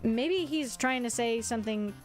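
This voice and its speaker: Bubbly high-voiced woman streamer. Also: moderate pace, over music. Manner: bubbly, self-deprecating asides, reads aloud. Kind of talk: casual game-stream chat and narration.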